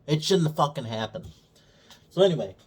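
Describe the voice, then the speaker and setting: A man's voice: on the high side, expressive, brisk, slightly rough. A man giving a casual, profanity-heavy review rant, mocking and exasperated, retelling scenes in his own words. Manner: swears constantly, mocking and exasperated; retells scenes by acting out characters' lines. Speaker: video reviewer.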